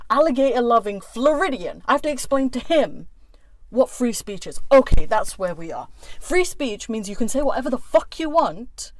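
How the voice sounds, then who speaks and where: A woman's voice: fairly high pitch, dry recording. A woman YouTuber who rants with fury, swearing hard and stressing each word. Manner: furious, profane, emphatic. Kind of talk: angry rant vlog. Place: indoors, a warm room.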